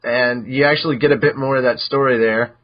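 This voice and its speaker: A man hosting a podcast, casually recapping episodes in an animated way, now and then jumping into high squeaky voices for characters. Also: fairly quick. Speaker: podcast host. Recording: dull lo-fi podcast audio.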